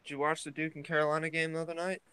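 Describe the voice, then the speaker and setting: A man's slightly high, clear and resonant voice races along very fast on a low-quality recording. Hosting a casual morning chat vlog, he steps from his home into the yard, relaxed and rambling, stumbling through fillers and restarts.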